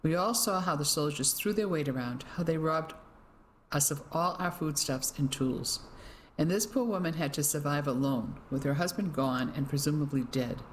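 The narrator voicing a calm male village priest who speaks slowly and soothingly. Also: slight background noise, lightly acted. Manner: slow, soothing and low.

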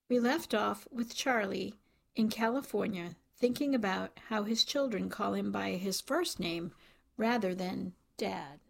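Female volunteer reader, measured delivery with a touch of vocal fry. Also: mid-range voice. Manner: calm, measured reading with voiced dialogue. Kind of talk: audiobook reading for radio.

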